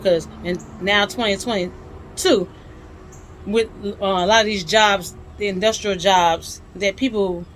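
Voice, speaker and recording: A woman's voice: mid-range voice, a bit bright, slight background noise, rough recording. A woman with a Southern US accent, explaining history in a chatty, folksy way with lots of asides. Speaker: host teaching history. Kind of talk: casual explainer talk.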